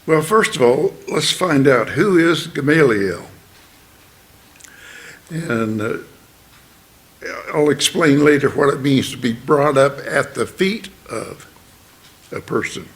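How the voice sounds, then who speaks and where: A man preaching at an unhurried pace, pausing often and restarting his sentences as he explains. His pitch sits in an ordinary middle range for a man. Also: lively intonation. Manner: slow, halting, with many fillers and restarts; explanatory, plain teaching tone. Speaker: church speaker. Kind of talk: sermon.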